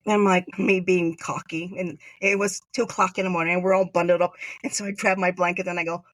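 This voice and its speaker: A woman's voice: on the low side, little pitch movement, fast talker, dry recording. A woman from Hawaii, a podcast guest, telling a story in a casual chat and acting out the lines of the people in it. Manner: chatty, acts out quoted dialogue.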